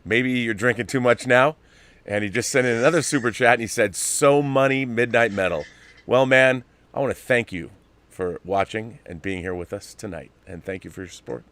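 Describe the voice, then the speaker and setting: A man's voice: mid-range voice, moderate pace, fairly bright tone. Chatty male live-show host. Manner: rambling, chatty, restarts. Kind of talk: casual live-stream chat, reading viewer messages.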